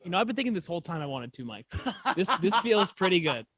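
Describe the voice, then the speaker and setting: A man's voice: high-pitched, big pitch swings, fast, fairly bright tone, husky. A man who produces a podcast, joking in a mock-indignant way.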